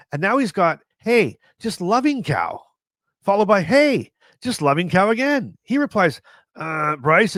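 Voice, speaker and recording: A man's voice: medium pitch, a bit bright, dry recording. A middle-aged man from Canada telling funny stories to camera in a casual vlog, chatty and self-mocking, often laughing and restarting his sentences. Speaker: vlogger.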